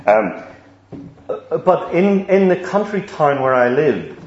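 A man preaches a sermon slowly and deliberately, his voice sitting a little above the usual range for a man. He often repeats a word before moving on, and the sound is echoey and a bit dull, as if taken in a large room. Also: fairly high pitch, big pitch swings, a little mellow. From Northern Ireland. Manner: measured and deliberate, with frequent repeated words.

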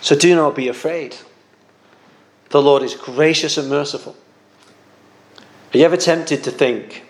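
Earnest man preaching a gentle sermon. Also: a little high, unhurried, pauses often. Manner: earnest, gentle pastoral preaching with small repetitions.

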